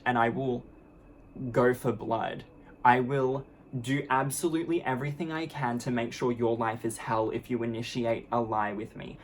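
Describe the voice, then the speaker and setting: A woman's voice: very deep voice, a little mellow, a little hiss or hum. A woman vlogger ranting to camera in a casual monologue, blunt and profane, with sarcastic, mockingly sweet asides.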